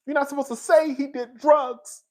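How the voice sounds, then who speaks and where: A man talking casually to his viewers as a pop culture commentator, in slangy, animated speech and often laughing as he riffs. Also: extremely high pitch, normal speed.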